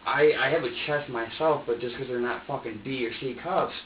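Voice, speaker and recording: A man's voice: mid-range voice, moderate pace. A man being questioned in an interrogation room, telling his story in a heated, profane, rambling way. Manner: profane, heated, rambling, quotes both sides of an argument. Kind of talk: agitated recounting in an interrogation. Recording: echoey room, distant muffled mic, faint hiss.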